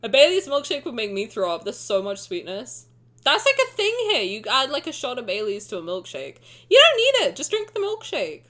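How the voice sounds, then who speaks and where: Bright, high-pitched giggly young woman streamer. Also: wildly swooping pitch, fairly quick. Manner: giggly, teasing, blunt, swears freely. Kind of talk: casual live-stream reaction chat.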